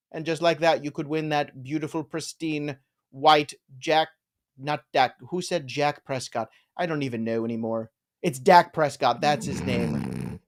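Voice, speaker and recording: A man hosting a live fantasy football show, joking around and riffing on names in casual chat. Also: a little high. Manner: playful, jokey, riffs on names.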